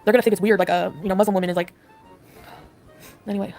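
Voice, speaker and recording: Upset woman on a livestream, rambling super fast, faint music behind. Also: mid-range voice, steady tone, darkish tone. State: distressed. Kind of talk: casual live chat.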